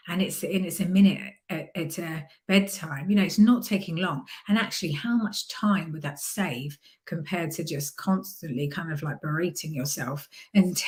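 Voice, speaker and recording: Low-voiced woman coaching calmly. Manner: calm, encouraging, sometimes softens into a gentle hypnotherapy voice. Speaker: mindset coach. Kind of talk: coaching podcast with guided visualization.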